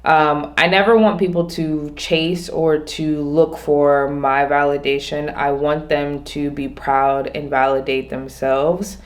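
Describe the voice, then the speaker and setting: Low-voiced woman musing out loud. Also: little pitch movement. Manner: rambling, restarts often, slows on key points. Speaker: vlogger. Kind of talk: casual reflective monologue.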